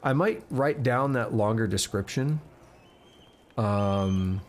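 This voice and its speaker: A man's voice: on the low side, slow, slight background noise. A man streaming a game live, chatting casually and reading in-game text aloud, stumbling over words and correcting himself.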